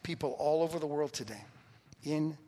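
Preacher guy, kinda high voice, hammering points home by repeating them, big echoey church hall. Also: moderate pace, dark tone. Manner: emphatic, repeats key phrases for stress. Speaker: pastor. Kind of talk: sermon. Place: church sanctuary. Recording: long reverb of a large hall.

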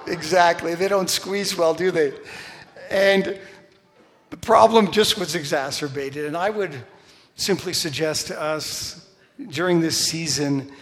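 A middle-aged man preaching with animated, story-driven delivery and a fairly high voice. He bursts into loud, shouted lines when acting out a story. His voice rings with the long reverb of a large hall. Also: a little slow. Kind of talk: sermon.

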